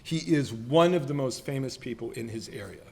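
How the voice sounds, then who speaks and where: A man's voice: medium pitch, animated, normal speed, vocal fry, warm tone. A man in his sixties giving a self-deprecating roast speech, teasing colleagues with playful mock voices. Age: 60s. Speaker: retiring professor being roasted. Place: banquet hall.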